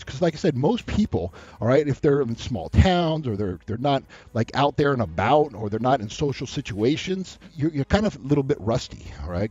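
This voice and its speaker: A man giving dating advice in a loose, rambling monologue, animated and full of asides. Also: medium pitch, slightly rough, no room sound. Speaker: dating coach. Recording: dull lo-fi sound.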